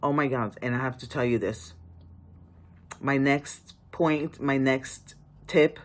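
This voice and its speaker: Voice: mid-range voice, fairly even intonation, slow. An author giving casual writing advice to the camera, emphatic and pleading, often restarting sentences.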